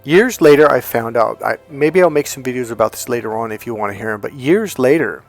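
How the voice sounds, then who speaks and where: A man's voice: mid-range voice, animated, brisk, faint music behind. Emphatic man telling a personal story. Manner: emphatic, candid, repeats phrases and restarts for stress. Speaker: dating advice host.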